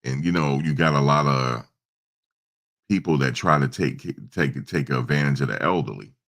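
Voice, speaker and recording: A man with an extremely deep voice and a gravelly edge talks casually to his live audience. He rambles through stories in a loose, conversational way, now and then acting out both sides of a conversation. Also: normal speed, a bit bright. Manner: loose, storytelling, imitates his mother and himself in quotes. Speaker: show host. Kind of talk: casual livestream talk.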